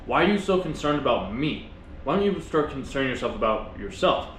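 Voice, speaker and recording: Fast-talking man chatting with his mouth full. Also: medium pitch, sing-song, fairly bright tone, roomy sound, a little hiss or hum, rough recording. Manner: talks with his mouth full while eating; earnest, reflective, rambling with restarts. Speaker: vlogger. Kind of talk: casual motivational monologue.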